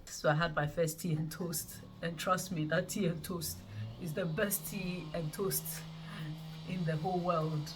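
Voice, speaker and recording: Recounting her birth story for her vlog audience, this thirtysomething woman laughs and talks casually to camera. She speaks unhurriedly in a lowish voice with fairly even intonation, against a noisy background.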